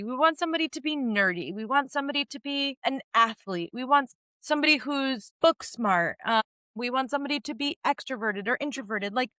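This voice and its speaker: A woman's voice: medium pitch, a bit bright, no room sound. A young woman talks through a TV episode in a casual, earnest way, filling her sentences with "like" and "you know". Her voice sits in a middle range. The recording is dry and close, with no room sound. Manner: chatty, earnest, uses many fillers like "like" and "you know". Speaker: podcast co-host. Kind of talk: casual TV recap commentary.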